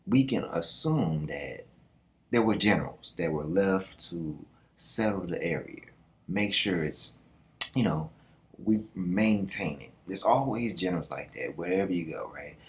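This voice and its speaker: A man hosting his own video channel, talking in a casual, slangy, animated way with quick asides and laughs. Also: deep voice. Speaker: YouTube host. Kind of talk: casual commentary.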